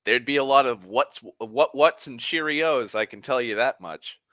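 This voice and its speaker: A man's voice: mid-range voice, moderate pace, sharp tone, no echo. A man from Massachusetts rambling casually on a stream, profane and self-mocking, a little tipsy on whiskey. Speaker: livestream host.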